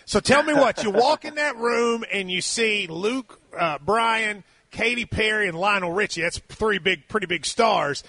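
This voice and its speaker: A man's voice: sits high, unhurried, hardly any pauses, bright, forceful tone, no room sound. A male radio host interviewing a guest in a folksy, encouraging way. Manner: folksy, encouraging, asks questions.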